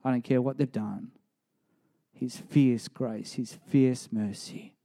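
A man's voice: medium pitch, slow pace. Emphatic male preacher. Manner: emphatic, rising to animated storytelling. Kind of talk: sermon.

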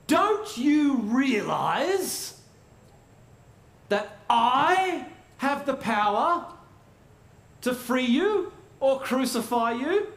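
A man's voice: very high-pitched, big pitch swings, very slow, long pauses, fairly bright tone, voice pushed up, exaggerated voice. A man voicing a haughty Roman governor with a put-on British accent, indignant and pompous. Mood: menacing. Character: haughty male Roman governor, used to getting his way. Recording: roomy echo.

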